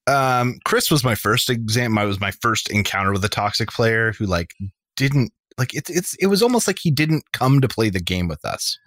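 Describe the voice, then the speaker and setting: Relaxed man telling gaming stories. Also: medium pitch, normal speed, dry recording, clean studio sound. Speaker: dungeon master and podcast co-host. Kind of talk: casual chat.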